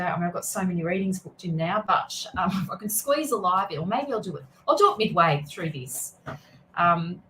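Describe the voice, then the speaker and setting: A woman's voice: medium pitch, slight background noise, low-quality recording. Chatty woman tarot reader on a livestream. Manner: chatty, greets viewers by name, many restarts. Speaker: tarot reader and spiritual mentor. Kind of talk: casual livestream chat.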